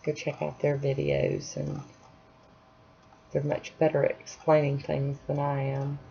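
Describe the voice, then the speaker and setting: Low gravelly-voiced woman, chatty nail vlogger. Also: monotone, a little slow, mellow. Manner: chatty, apologetic, self-deprecating. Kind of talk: casual tutorial chat. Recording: dull lo-fi sound, faint hiss.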